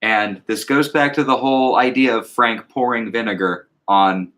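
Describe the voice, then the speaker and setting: A man in casual conversation about music, reflective and thoughtful, sometimes slowing to recite lyrics in a measured cadence. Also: mid-range voice, steady tone, fairly bright tone. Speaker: podcast co-host.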